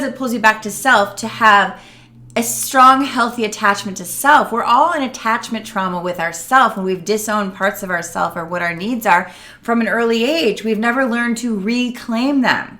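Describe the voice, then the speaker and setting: A middle-aged woman coach talking earnestly to camera, acting out the voices of the people she quotes. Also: a little high. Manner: earnest, animated, acts out quotes. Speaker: emotional wellness coach. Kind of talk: casual talk to camera.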